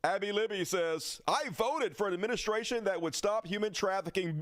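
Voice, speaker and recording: Male host for a political rant stream; fiery, crude, sarcastic, a touch high-pitched. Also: normal speed, hardly any pauses, fairly bright tone, no echo. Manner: angry, profane, sarcastic. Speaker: livestream host.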